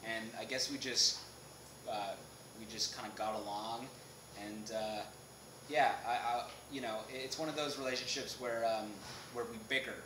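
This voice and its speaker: A man being interviewed as an actor on a film set, animated, laughing often and restarting sentences. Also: medium pitch, moderate pace. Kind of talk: casual interview chat. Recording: echoey noisy room.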